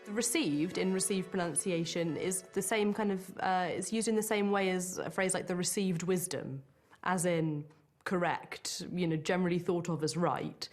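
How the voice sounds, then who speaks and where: A woman's voice: lowish voice, moderate pace, faint music behind. A woman with a modern received pronunciation accent, explaining language as an expert in a thoughtful interview. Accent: modern received pronunciation English.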